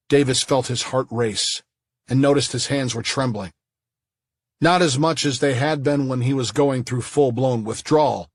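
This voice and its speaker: A man reading a thriller audiobook in a measured storytelling manner. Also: mid-range voice, slightly rough, dry recording, studio quality. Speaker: audiobook narrator. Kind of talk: scripted thriller narration.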